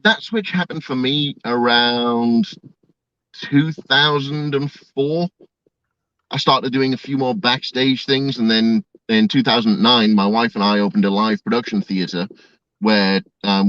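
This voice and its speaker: A man from Northern England, a guest filmmaker, talking in a relaxed, plain-spoken way. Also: lowish voice, no room sound. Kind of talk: casual interview chat. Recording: dry, lo-fi.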